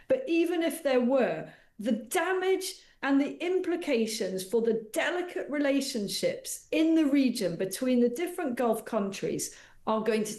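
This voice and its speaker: A woman's voice: fairly high pitch, darkish tone, roomy sound. A woman appearing as a guest commentator on a talk show, making her case in an articulate, assertive way. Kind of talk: opinionated radio debate.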